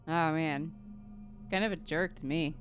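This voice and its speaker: A woman's voice: low-pitched, measured pace, soft background music. A woman casually chatting as a player in a tabletop game, talking and laughing easily.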